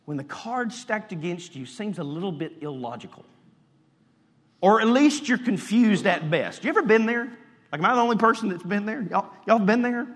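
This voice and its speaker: Animated preacher in a reverberant hall. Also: male voice, sits high. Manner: animated preaching, voices inner thoughts, asks the congregation questions. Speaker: pastor. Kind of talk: sermon.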